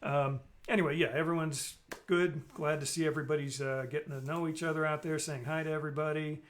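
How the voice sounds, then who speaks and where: A man's voice: on the high side, steady tone, fast talker, slight background noise. A man hosting a casual live stream, rambling and joking while he reads out viewer comments.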